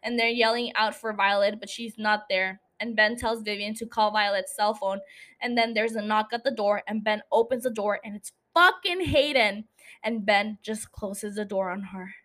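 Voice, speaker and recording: A woman's voice: mid-range voice, moderate pace, a bit bright. A young woman hosting a podcast, casually recapping a TV episode, chatty and teasing, swearing freely and laughing at her own asides. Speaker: podcast host.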